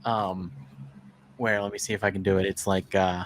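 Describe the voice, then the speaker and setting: A woman's voice: extremely low pitch, little pitch movement, normal speed, no room sound. A woman from the American South co-hosting a podcast, chatting casually and joking around with funny voices. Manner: playful, jokey, fond of funny voices. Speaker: podcast co-host. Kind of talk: casual chat.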